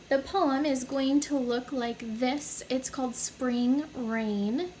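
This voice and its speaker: A woman with a fairly high voice teaches young children to read, spelling words out letter by letter. She talks very slowly and patiently, with encouraging praise. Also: a little hiss or hum, low-quality recording. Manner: slow, sounding out letters and syllables one by one. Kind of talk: phonics lesson for young children.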